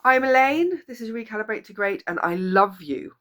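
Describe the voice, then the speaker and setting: A woman's voice: fairly high pitch, lively intonation, moderate pace, fairly bright tone, slight background noise. A woman life coach giving an earnest, encouraging motivational talk to the camera, repeating key phrases for emphasis. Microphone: camera or phone video.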